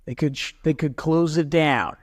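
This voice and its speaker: A man's voice: fairly high pitch, moderate pace. A man co-hosting a podcast who teases his friend and jokes around in a casual chat. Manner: teasing, jokey, puts on mock voices. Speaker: podcast co-host.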